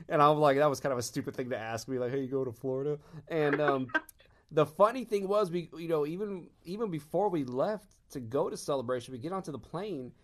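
A man from Texas telling fan anecdotes in casual chat, animated and laughing often as he acts out quotes. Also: on the high side, a little fast.

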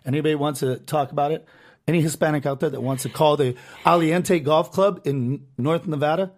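A young man co-hosting a podcast, telling a profane, animated story full of acted quotes. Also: a little high, a little fast. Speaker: podcast co-host. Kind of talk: casual storytelling chat.

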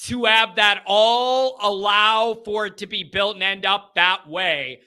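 A man's voice: sits high, steady tone, slow, hardly any pauses, bright, forceful tone, clear, resonant tone. A man hosting a sports podcast, talking through his predictions in an emphatic, opinionated and sarcastic way. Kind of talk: casual sports commentary.

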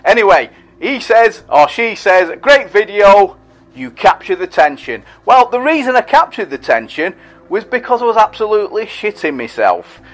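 A man's voice: sits high, big pitch swings, moderate pace. A middle-aged man who hosts a podcast and reads out listener messages in a chatty, rambling, self-deprecating way. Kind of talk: casual monologue.

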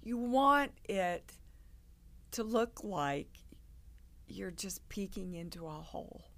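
Older woman telling stories with a gravelly voice. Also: mid-range voice, takes it slowly. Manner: animated storyteller, acts out quoted voices. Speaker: guest actress. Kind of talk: casual interview storytelling.

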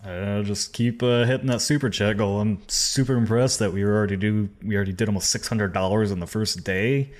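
A man's voice: fairly low pitch, fairly even intonation, fairly quick, few pauses. A man co-hosting a casual livestream chat, laughing a lot and trailing off mid-thought. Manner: loose, laughing, trails off often. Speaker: co-host.

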